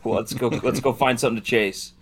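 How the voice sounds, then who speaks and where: A man's voice: medium pitch, steady tone, fairly quick, fairly bright tone. A man talking casually as a podcast guest, a dog trainer, rambling and laughing often. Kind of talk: casual chat.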